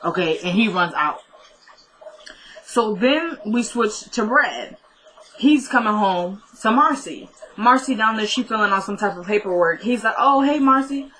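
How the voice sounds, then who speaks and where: A woman's voice: medium pitch, lively intonation, measured pace, a bit bright, rough recording. A young woman at home chatting through a TV episode recap, acting out the characters' lines as she retells the scenes. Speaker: TV recap vlogger.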